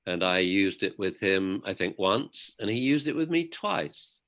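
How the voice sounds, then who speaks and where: An older man, a guest, telling a personal story in a reflective, emotional way, often halting and restarting. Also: on the low side, expressive, fairly bright tone.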